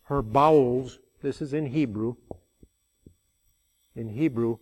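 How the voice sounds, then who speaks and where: A man's voice: medium pitch, slow, pauses often, a little mellow. An older man preaching a sermon, telling stories in a folksy way and rising into emphatic passages.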